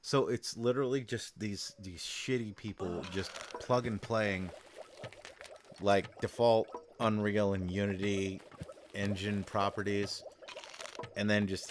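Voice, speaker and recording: A man's voice: on the low side, steady tone, slow, background noise. A man streaming a game, ranting casually and exasperated, swearing a lot.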